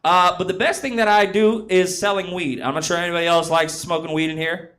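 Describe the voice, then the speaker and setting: A man's voice: sits high, fairly even intonation, fairly quick, a bit bright. A man in his twenties from San Jose performing a crude, rambling, self-mocking stand-up set full of swearing. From San Jose, California. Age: 20s. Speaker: stand-up comedian. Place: comedy club stage.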